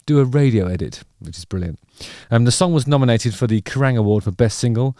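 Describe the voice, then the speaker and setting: A man's voice: medium pitch, fast talker, dark tone, no room sound. Dry, wry man rambling on. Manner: rambling and wry, with playful digressions. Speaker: music video reaction host. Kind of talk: casual reaction commentary.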